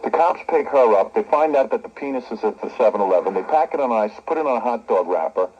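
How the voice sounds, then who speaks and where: A man's voice: medium pitch, expressive, fast talker, husky. A man hosting a radio talk show, brash and joking, interviewing a guest. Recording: dull cassette recording of radio broadcast.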